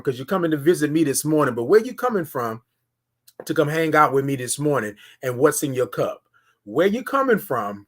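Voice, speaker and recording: A woman's voice: deep voice, slightly rough. Sing-song woman hosting a morning stream. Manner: sing-song greetings, stretched drawn-out words, coaxing viewers in. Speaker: host. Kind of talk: live-stream morning show.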